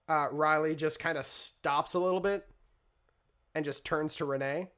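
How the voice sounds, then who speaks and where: A man narrating a tabletop role-play game as game master, relaxed and rambling, with lots of fillers. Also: fairly high pitch, moderate pace, clear, resonant tone.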